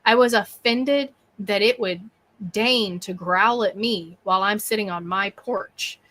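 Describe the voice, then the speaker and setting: A woman, a guest on a podcast, telling a story with lively energy and acting out her own thoughts and quotes. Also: medium pitch, measured pace. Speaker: bigfoot researcher and podcast guest.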